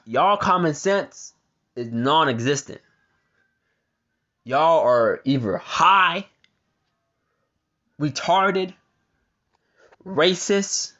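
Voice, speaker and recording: Lo-fi sound captures a man with a fairly high, slightly bright voice doing reaction commentary on a news story. He rants with lots of profanity and stumbles over the reading.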